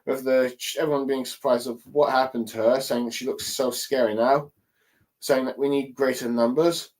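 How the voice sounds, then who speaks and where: A man's voice: mid-range voice, fairly even intonation, a little mellow. Hesitant man recapping a comic chapter. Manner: hesitant, many fillers and pauses. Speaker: manga chapter reviewer. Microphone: desk mic at a streaming setup.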